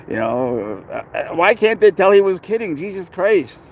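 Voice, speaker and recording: A man's voice: on the high side, lively intonation, normal speed, hardly any pauses, slight background noise, low-quality recording. A man casually chatting on a livestream about his pet, rambling and blunt, swearing freely as he reads and answers comments outdoors.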